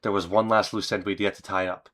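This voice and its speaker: A man reading as a grim, weary man writing a confession journal, in a solemn, measured way. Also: fairly low pitch, flat delivery, a bit bright, lightly acted.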